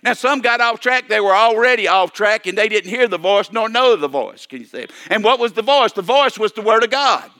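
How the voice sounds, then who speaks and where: High, bright-voiced older preacher. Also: male voice, lively intonation, brisk, few pauses. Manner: repetitive, stammering restarts, calls for amen. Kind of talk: sermon.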